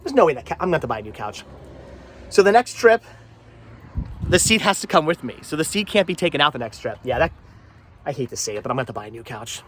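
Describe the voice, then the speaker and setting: Man, vlogger, phlegmy with a cough, a bit higher-pitched voice, rambling self-talk outdoors, camera set down nearby. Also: big pitch swings, fast talker, pauses often, a little hiss or hum. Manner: rambling, repeats words, self-talk while working. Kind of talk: casual vlog chat. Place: outdoors by his van.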